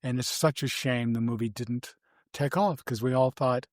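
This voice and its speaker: An older man appears as a podcast guest in a casual interview, telling animated, rambling anecdotes, circling back and restarting his sentences. His pitch is ordinary and his pace moderate. The sound is close and dry, with no room around it.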